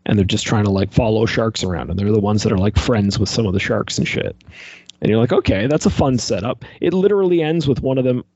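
Man, exasperated casual rant, raspy edge, muffled dry podcast sound. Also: lowish voice, fast, dry recording. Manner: animated, exasperated ranting, heavy use of "like". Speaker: podcast co-host reviewing a movie. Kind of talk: casual chat.

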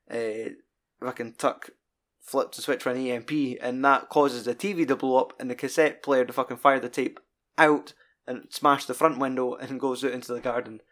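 A man's voice: medium pitch, moderate pace. Scottish man, podcast co-host, loose sweary film talk. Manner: sweary, rambling and animated retelling. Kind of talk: casual film chat.

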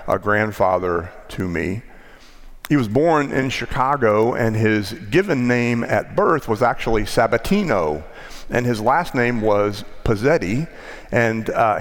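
A middle-aged man with a Texan accent, preaching a sermon as pastor and telling stories in a conversational way. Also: on the low side. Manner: conversational storytelling preacher, occasional restarts. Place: large church sanctuary. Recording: long church reverb.

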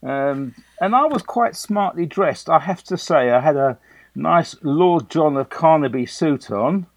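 A man's voice: fairly high pitch, lively intonation, a little slow, no echo. An older man from England recounting a story in a chatty, anecdotal way, with fillers and restarts. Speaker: guest. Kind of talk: conversational storytelling.

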